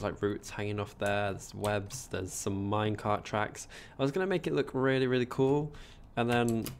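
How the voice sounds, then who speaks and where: A man's voice: on the low side, gravelly, slight background noise. A man with a posh English accent, chatting casually on a gameplay livestream, rambling and reading out chat as he builds. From England.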